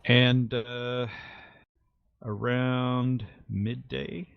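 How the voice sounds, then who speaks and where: A man running a tabletop game as game master, explaining rules and narrating in a halting way with many fillers. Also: mid-range voice, level tone, vocal fry, no echo, highs cut off.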